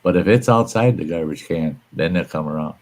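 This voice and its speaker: A man's voice: sits low, fairly quick, darkish tone, rough recording. A man hosting a live stream, chatting casually and telling rambling, folksy stories with some mild cursing. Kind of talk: casual chat.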